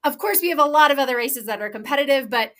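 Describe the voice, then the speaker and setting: A woman co-hosting a podcast, chatting casually with a slightly high voice. She is enthusiastic and rambles through her explanations, restarting sentences and filling gaps with "um" and "like.". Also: expressive, fast talker, fairly bright tone. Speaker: podcast co-host and professional trail runner.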